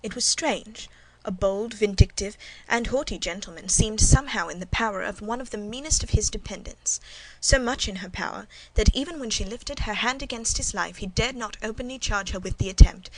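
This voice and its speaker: A woman reading a classic novel aloud as a first-person narrator, in an even, measured audiobook style. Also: medium pitch, rough recording. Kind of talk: scripted narration.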